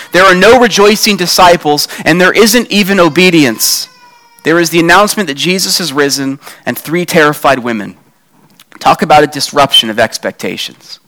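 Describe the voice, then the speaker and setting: A man delivers a sermon with a fairly high voice, talking to his congregation in a conversational way. He asks rhetorical questions and raises his voice to act out the lines he quotes. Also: sharp tone. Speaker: pastor.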